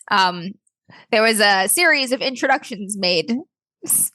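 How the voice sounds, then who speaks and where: A woman's voice: mid-range voice, expressive, slow pace, long pauses, sharp tone, no echo. A woman player recapping the last session of a tabletop game in a casual, giggly way. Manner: giggly, laughs through her lines.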